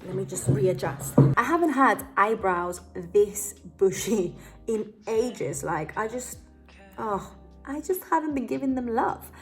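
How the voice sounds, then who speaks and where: A young woman chatting casually through a beauty tutorial at home, rambling with lots of fillers and joking about herself. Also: medium pitch. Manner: rambling, full of "like" and "kinda" fillers; giggly, self-joking. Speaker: beauty vlogger.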